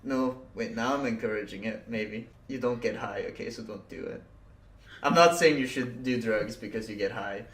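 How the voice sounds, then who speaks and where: A man's voice: medium pitch, normal speed, fairly bright tone. A young man co-hosting a podcast, telling stories in a casual, laughing, swear-heavy way and acting out his own past reactions. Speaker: podcast co-host. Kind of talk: casual chat. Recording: echoey room.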